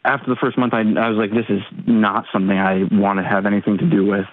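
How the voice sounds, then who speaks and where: A man in his thirties calling an advice show, talking haltingly with many pauses and ums. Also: on the low side, flat delivery. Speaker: caller. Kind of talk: call-in advice talk. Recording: tinny phone line.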